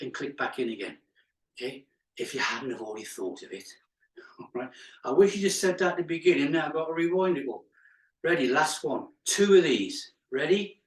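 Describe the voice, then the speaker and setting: Male fitness instructor, fairly high voice, counting reps, chatty, echoey room, distant mic. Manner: counts reps aloud, chatty asides, laughs at own jokes. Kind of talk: live exercise class instruction.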